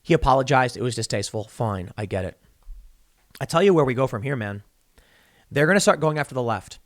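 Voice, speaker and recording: A man's voice: mid-range voice, lively intonation, a little fast, no echo, studio quality. A man hosting a podcast, delivering solo political commentary in an emphatic, argumentative way, building long analogies to make his point. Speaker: podcast host.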